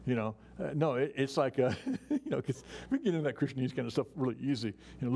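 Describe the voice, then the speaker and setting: A man teaching a Bible study as a pastor, in a relaxed, conversational way with frequent restarts and asides. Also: mid-range voice, fast. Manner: relaxed and chatty, many "you know"s and restarts, chuckles.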